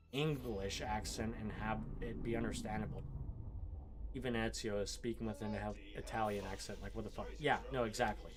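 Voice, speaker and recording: A man playing through a video game on stream, talking casually over the action. He airs strong, profane opinions in a loose, offhand way, at an ordinary pitch for a man. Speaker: gaming streamer. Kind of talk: casual gameplay commentary.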